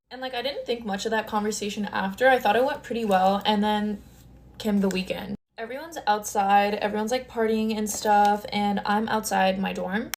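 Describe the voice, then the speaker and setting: A woman's voice: mid-range voice, steady tone, normal speed, slight background noise. A woman in her twenties telling a storytime into her phone, chatty and dramatic, full of "like" fillers. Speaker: storytime creator. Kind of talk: casual storytime chat. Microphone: phone camera.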